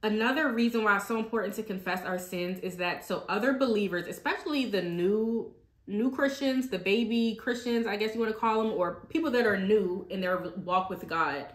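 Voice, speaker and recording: A woman's voice: mid-range voice, normal speed. A woman hosting a ministry talk, giving an earnest personal faith testimony in a conversational way and speaking to listeners as y'all. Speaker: ministry host. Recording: echoey room.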